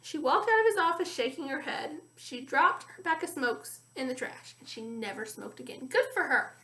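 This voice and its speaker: A woman reading a children's chapter book aloud, friendly and expressive. Her voice sits high. The recording has an echoey room sound. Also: moderate pace. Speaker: story reader.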